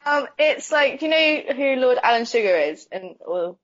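A woman's voice: sits high, sing-song, moderate pace, fairly bright tone, highs cut off. A woman guesting on a podcast, chatty and laughing often. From Britain. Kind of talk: casual podcast chat.

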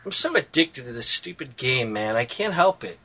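A man's voice: mid-range voice, sing-song, moderate pace, bright, forceful tone, slightly rough. A man co-hosting a casual podcast chat, laid-back and giggly with crude jokes. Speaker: podcast co-host. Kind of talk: casual chat among friends. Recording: muffled lo-fi call audio.

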